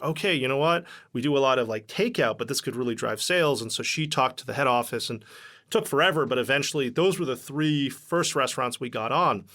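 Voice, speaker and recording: A man's voice: medium pitch, a bit bright. A man, a company founder guest on a podcast, telling loose, rambling stories full of fillers and acted-out quotes. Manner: rambling, lots of fillers, acts out quoted dialogue. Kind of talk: casual interview storytelling.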